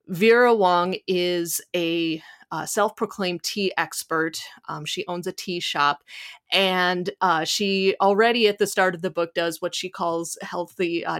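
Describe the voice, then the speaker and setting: A woman's voice: on the low side, fairly bright tone. A woman with a Midwestern accent, co-hosting a book podcast and chatting casually with lots of ums and restarts. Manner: chatty, many fillers and restarts. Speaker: podcast co-host.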